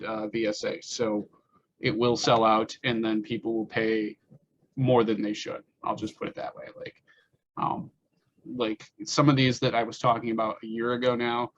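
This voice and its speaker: A man co-hosting a podcast in casual chat, recommending a release in a relaxed way with lots of fillers. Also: fairly low pitch, muffled recording, slight background noise. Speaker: podcast co-host.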